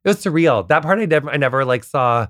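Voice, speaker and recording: American man guest, fast chatty rambler, dry close sound. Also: fairly high pitch, no echo. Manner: rambling, full of "like", animated storytelling. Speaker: podcast guest. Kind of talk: casual chat.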